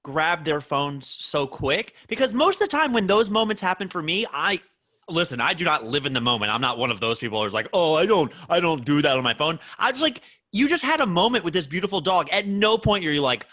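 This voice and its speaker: Animated, bright-voiced male podcast co-host. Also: a little high, a little fast. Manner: animated storytelling with acted-out quotes. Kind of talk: casual chat.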